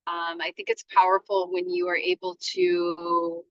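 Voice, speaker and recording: A woman in her forties hosting a podcast from her parked car, talking in a rambling, halting way with many restarts. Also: very high-pitched, big pitch swings, gravelly, no room sound, highs cut off. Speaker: podcast host. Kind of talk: casual solo podcast monologue.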